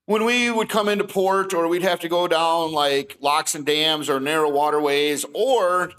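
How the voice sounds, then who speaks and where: A man's voice: on the high side, moderate pace, fairly bright tone, clean tone, low-quality recording. A middle-aged man, telling his story as a podcast guest and acting out both sides of each conversation. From Wisconsin. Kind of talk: casual storytelling.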